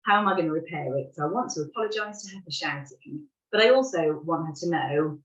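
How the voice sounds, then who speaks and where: Mum, lowish voice, frank and self-deprecating, roomy off-mic recording. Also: female voice, animated, brisk. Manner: candid, laughs at herself while recounting. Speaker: parent sharing an example. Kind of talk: reflective conversational talk. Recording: roomy, distant, dull sound.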